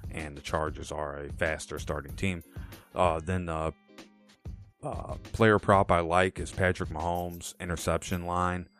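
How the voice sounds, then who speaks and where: A man's voice: deep voice, unhurried, soft background music. A man hosting a solo sports podcast, running through picks with punchy, jokey asides. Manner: animated, punchy pick announcements with jokey asides. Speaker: podcast host.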